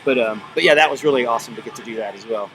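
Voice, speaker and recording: A man being interviewed as a band member, talking in a relaxed, casual way with many ums and uhs. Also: medium pitch, racing, low-quality recording. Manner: relaxed, filler-heavy, thinking aloud. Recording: loud music in the background.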